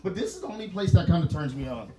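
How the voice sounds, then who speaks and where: A man doing a stand-up set in a small club, telling stories with loud laughter and a lot of swearing. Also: high voice, lively intonation, rapid-fire, heavy background noise. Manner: loud, laughing, profane storytelling. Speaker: stand-up comic. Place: small comedy venue. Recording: echoey small venue with laughing crowd.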